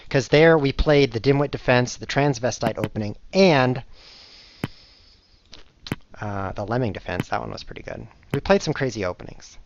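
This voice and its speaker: A man live-streams chess, chatting casually with viewers as he plays, rambling and mocking himself. His mid-range voice is expressive and moderately paced. The recording is dull and lo-fi with faint noise.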